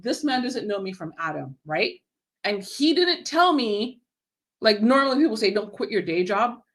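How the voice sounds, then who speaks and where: A woman telling a lively personal story as a podcast guest, swearing freely and acting out what people said. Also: mid-range voice. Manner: animated, profane, acts out quoted dialogue. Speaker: guest, horror writer and event creator. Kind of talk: casual storytelling in a podcast interview.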